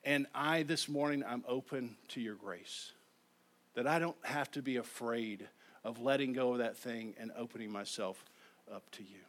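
A man preaching a sermon in a church, moving between quiet, intimate lines and emphatic ones, and inviting the congregation to respond. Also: mid-range voice, normal speed. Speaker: pastor. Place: church sanctuary.

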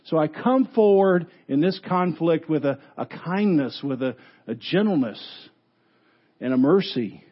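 A man preaching a sermon as pastor, telling stories with animated delivery and frequent restarts. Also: a little high, a little slow, muffled recording. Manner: animated storytelling with repeated restarts.

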